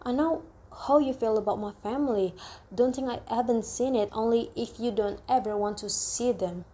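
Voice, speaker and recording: A woman's voice: fairly high pitch, normal speed, warm tone, natural voice. A woman voicing a touchy young newlywed bride who keeps picking a quarrel, in an insistent, reproachful way.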